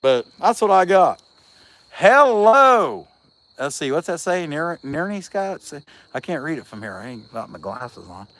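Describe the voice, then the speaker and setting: A fairly high-voiced man, chatting loosely on a livestream while he works. He rambles in a folksy way, telling stories and answering viewers as they come in. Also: sing-song, unhurried, a bit bright, dry recording. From Southeast Ohio. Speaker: chainsaw carver and livestream host. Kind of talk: casual livestream chat reading viewer comments.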